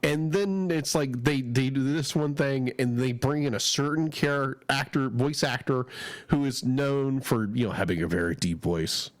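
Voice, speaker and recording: A man's voice: medium pitch, normal speed, no room sound. A man co-hosting a podcast, chatting casually and enthusiastically, rambling and restarting his sentences, with a head cold. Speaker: podcast co-host. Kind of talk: casual chat.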